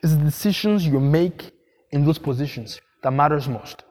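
A man's voice: on the high side, normal speed, darkish tone. A man preaching a sermon as pastor, emphatic, repeating phrases and asking the congregation questions.

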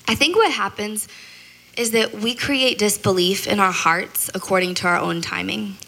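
A woman's voice: mid-range voice, normal speed, vocal fry, poor audio. A woman giving a casual devotional talk about her faith, chatty and rambling, with lots of "like" and "you know". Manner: processes out loud, talks a lot. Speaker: speaker sharing a faith testimony.

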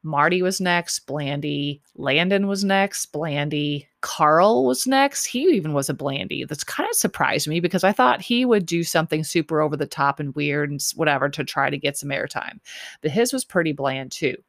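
A woman's voice: low-pitched, expressive, moderate pace, no room sound, studio quality. A woman hosting a podcast, recapping a show in a rambling, chatty way with lots of fillers and repeated words. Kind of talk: casual chat.

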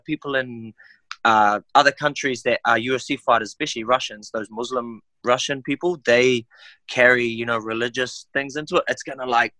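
A young man with a New Zealand accent, a fighter talking in a casual podcast interview, animated and slangy. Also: medium pitch, no echo. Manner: animated, slangy, says "bro" and "eh". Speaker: MMA fighter guest.

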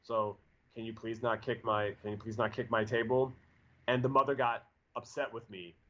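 A man's voice: medium pitch, normal speed. Guy in his 40s rambling through a story, lots of um and like, kinda muffled audio. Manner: rambling, animated, lots of fillers and restarts. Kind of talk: casual storytelling chat. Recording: dull lo-fi audio.

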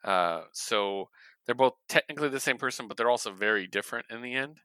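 A man's voice: medium pitch, brisk, bright, forceful tone, clean tone, no echo. A man co-hosting a comic book podcast, talking casually with lots of fillers and restarts. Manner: rambling, filler-heavy. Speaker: podcast co-host. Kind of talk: casual chat.

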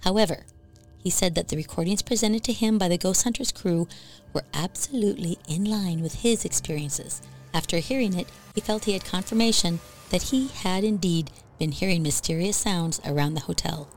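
A woman telling a ghost story as scripted narration for a podcast, in an even, measured way. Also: lowish voice.

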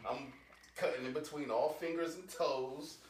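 A man chatting casually, animated and profane, with frequent laughter. He sits a little back from the mic in an echoey room with faint background noise. His voice sits at a middling pitch. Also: normal speed, recorded from a distance. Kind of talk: casual chat.

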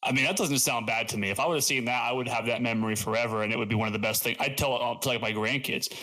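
A man's voice: mid-range voice, steady tone, very fast, bright, forceful tone. A man co-hosting a comedy podcast, riffing casually and joking about absurd scenarios. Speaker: podcast co-host.

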